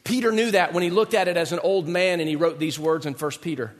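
A pastor preaching a sermon with an animated, dramatic delivery and joking asides. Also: male voice, a little high, quick pace. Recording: long hall reverb.

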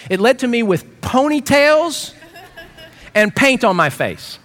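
A middle-aged man preaching a sermon as pastor, telling stories with animated, self-mocking humor. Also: very high voice, slow.

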